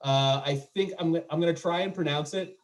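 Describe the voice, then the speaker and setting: A man's voice: fairly high pitch, a little fast. A man doing a stand-up comedy set over a video call, chatting and joking with his audience in a self-deprecating way.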